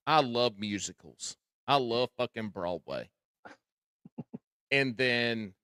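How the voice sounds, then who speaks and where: A man with a Southern drawl chats casually as a podcast host, telling folksy stories and swearing freely. His voice sits at a middling pitch and comes across dry and close, with no room sound. He talks with easy, lively energy. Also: dry recording.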